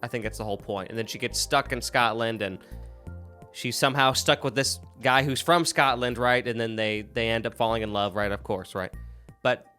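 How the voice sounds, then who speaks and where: A man's voice: mid-range voice, fairly even intonation, normal speed, pushed and bright, soft background music. A man hosting a podcast in casual chat, laughing often and restarting his sentences. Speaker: podcast host.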